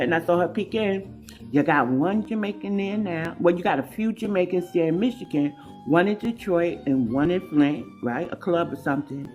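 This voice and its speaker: A woman's voice: lowish voice, darkish tone. A woman speaking on an online panel, talking casually with rhetorical questions. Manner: conversational, rhetorical questions, many fillers.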